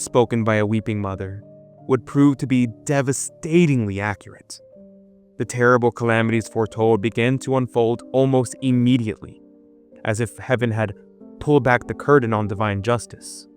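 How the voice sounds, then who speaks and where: An earnest male host reads a dramatic script at a middling pitch. Soft background music runs faintly beneath his voice. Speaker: video host. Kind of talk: scripted narration.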